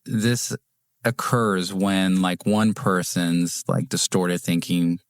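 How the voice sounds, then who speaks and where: Deep gravelly man telling a story. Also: fairly even intonation, slow pace, no echo, clean studio sound. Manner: rambling, filler-heavy storytelling with many restarts. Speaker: podcast co-host. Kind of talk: casual storytelling chat.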